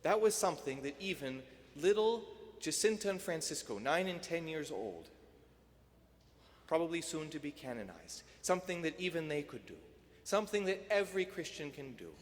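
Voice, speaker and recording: A man, a priest, giving a sermon in a rhetorical, emphatic style that swells to loud peaks and then drops soft. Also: on the high side, expressive, normal speed. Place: church. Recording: long church reverb.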